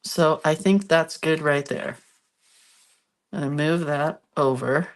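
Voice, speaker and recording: Low-voiced and taking her time, a congested, sniffly woman hosts a relaxed craft video. She talks while working, stays chatty, and laughs at herself with self-deprecating humor.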